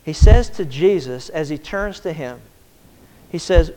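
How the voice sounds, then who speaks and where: A man's voice: fairly high pitch, lively intonation, a little slow, dark tone. A man preaching a sermon with impassioned delivery, sometimes acting out the voices of the people in his story. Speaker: pastor. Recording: long hall reverb.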